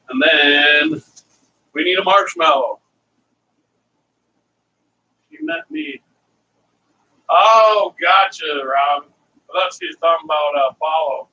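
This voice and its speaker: A man's voice: on the high side, expressive, measured pace, sharp tone, highs cut off. A middle-aged man hosting a casual cooking vlog, rambling and chatty as he talks viewers through his recipes and wanders off into side stories. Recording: distant mic with faint ambient noise.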